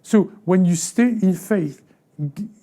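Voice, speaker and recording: A man's voice: sits high, slow, mellow. A man preaching a sermon as pastor. He keeps asking the congregation questions, acts out little quoted voices, and often repeats words or restarts phrases. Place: church sanctuary.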